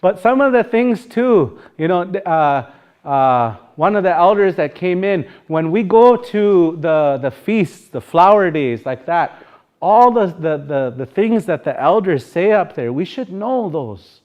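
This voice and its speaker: A man's voice: sits high, lively intonation, measured pace, a little mellow, highs cut off. A man with a Sioux Valley Dakota accent teaching a live language class, talking informally and rambling, singing phrases to show how they should sound.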